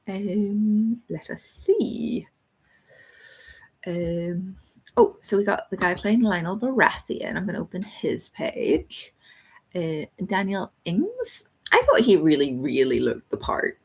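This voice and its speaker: A woman's voice: lowish voice, big pitch swings, unhurried, breathy edge. A woman hosting a live book club stream, rambling casually about a TV episode and thinking aloud with lots of ums.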